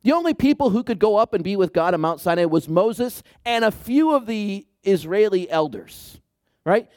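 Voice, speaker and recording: A man preaching a sermon with a slightly raised pitch that swings widely as he talks. He mixes playful asides to his listeners with moments where he drops to a hushed, tender voice. The sound is dry and close. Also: normal speed, no room sound. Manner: animated, shifts to hushed soft delivery for emphasis; playful asides and jokes to the congregation. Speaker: pastor.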